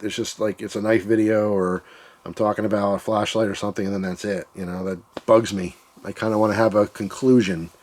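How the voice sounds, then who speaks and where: A man's voice: fairly low pitch, darkish tone. Candid rambling male vlogger. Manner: rambling, candid, self-described emotional. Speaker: channel host. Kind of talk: casual reflective vlog monologue.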